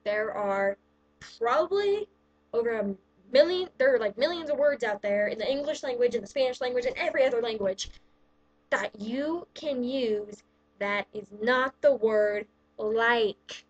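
A woman with a fairly high voice rants to the camera about her pet peeves. She sounds exasperated and sarcastic, and she talks casually with a lot of "like" in her sentences. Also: lively intonation, measured pace, lo-fi sound. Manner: exasperated, sarcastic, heavy use of "like". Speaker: vlogger. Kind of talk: casual ranting countdown list.

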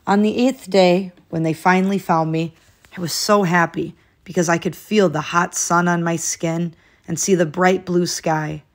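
A woman's voice: fairly low pitch, steady tone, moderate pace. A woman reading a children's picture book aloud, lifting her voice expressively as each new day in the story begins.

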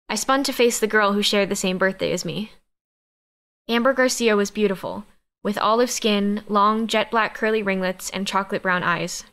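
A woman narrating a first-person audiobook in an even, measured reading. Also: medium pitch, clear, resonant tone.

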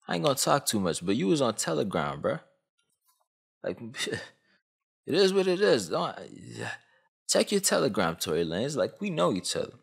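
A man's voice: moderate pace, gravelly, husky. A man in his twenties from Canada, a YouTuber delivering a comedic, slangy commentary rant. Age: 20s. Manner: animated, swooping pitch, slangy.

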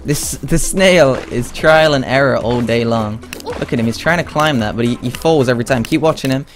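A young man talks casually and playfully over his game, reading and answering his chat as he goes. His voice sits at an ordinary middle pitch. Game music plays clearly underneath him. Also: normal speed. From Britain. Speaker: streamer playing a game. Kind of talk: casual live-stream commentary. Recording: game music playing behind the voice.

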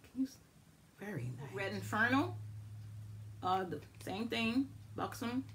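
A woman chatting casually and excitedly to viewers as she shows and swatches makeup finds. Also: medium pitch, measured pace, slight background noise. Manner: chatty, excitable, addresses viewers as y'all and guys. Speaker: beauty vlogger. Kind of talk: casual makeup haul review.

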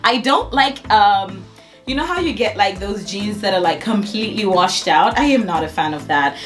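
A young woman chatting through a haul unboxing, gushing and exclaiming with excitement. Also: mid-range voice, moderate pace, soft background music. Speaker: haul vlogger. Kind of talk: casual unboxing chat.

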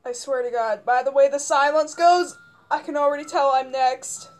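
A young woman with a very high, piping voice narrates her gameplay in a frantic, panicky rush, going hoarse from all the yelling. Faint music plays quietly behind her. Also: steady tone, moderate pace. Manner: panicked screaming and rambling. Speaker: gamer. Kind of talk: gameplay commentary.

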